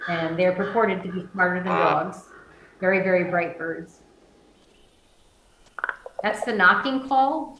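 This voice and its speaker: Middle-aged new lady giving a chatty bird talk, lowish voice, roomy echo. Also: very noisy. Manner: chatty, with many fillers and restarts. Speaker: birding workshop presenter. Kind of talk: virtual lecture with slides.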